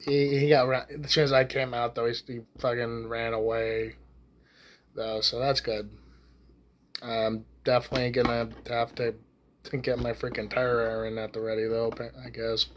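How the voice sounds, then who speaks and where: A man's voice: medium pitch, flat delivery, normal speed. Man, casual vlog ranter, foul-mouthed and rambling, mid-range voice. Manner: profane, rambling, with many restarts and fillers. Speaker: YouTube ranter. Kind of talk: casual rant to camera.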